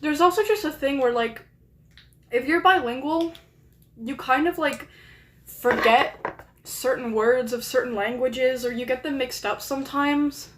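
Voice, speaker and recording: Streamer, woman, slightly high voice, casual rambling chat, roomy echoey sound. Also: a little slow, a bit bright, slight background noise. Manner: rambling, heavy use of "like", self-deprecating.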